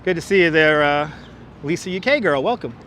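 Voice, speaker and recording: A livestream host walks along a city waterfront street outdoors, chatting, joking, and reading viewers' comments aloud on a wireless clip-on mic. His voice is fairly high and fairly bright, with lively intonation and a brisk pace, and there's a little hiss or hum.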